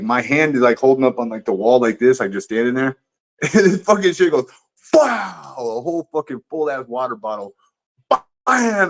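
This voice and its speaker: A man livestreaming, telling a story in a casual, profane, rambling way with lots of restarts. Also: mid-range voice.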